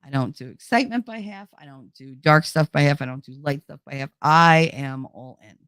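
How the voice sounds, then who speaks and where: A lower-voiced woman talks straight to her viewers, excitable and all in. She swears freely and laughs a lot. The sound is close and dry, with no room around it. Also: moderate pace, clear, resonant tone, no room sound. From New Jersey. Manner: excitable, blunt and profane, laughs often. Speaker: streamer. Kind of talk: casual chat with viewers.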